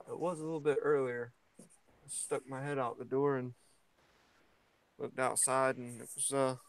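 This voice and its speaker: A man's voice: mid-range voice, rough recording. Rambling man on a morning chat. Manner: relaxed, rambling, hesitant with many fillers. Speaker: vlogger hosting a morning chat. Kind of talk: casual chat. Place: at home, stepping outside into his yard.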